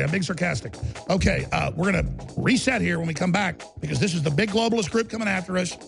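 A man's voice: high-pitched, fast talker, creaky, soft background music. A man hosting a talk radio show, brash and sarcastic, often stammering and repeating words.

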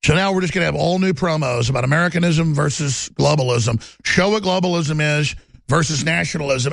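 A man's voice: fairly high pitch, creaky, a bit bright, dry recording. A man hosting a talk show, delivering an intense, heated, rambling monologue.

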